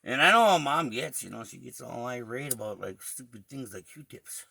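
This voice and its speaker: Brief: crude, profane male co-host, fry-laced and sharp-toned, dry close sound. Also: mid-range voice, lively intonation, normal speed, no echo. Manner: crude, profane, laughing storyteller. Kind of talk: casual chat.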